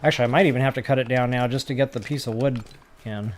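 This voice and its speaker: A man giving casual gameplay commentary for a building tutorial, chatty and self-mocking as he thinks out loud. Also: medium pitch, steady tone, fast, a little hiss or hum. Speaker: gaming tutorial creator.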